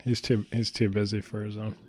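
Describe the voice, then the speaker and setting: A man's voice: lowish voice, little pitch movement, fairly quick, a little mellow, slightly rough. Laid-back man, podcast host. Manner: laid-back, mumbling, backpedals. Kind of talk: casual chat.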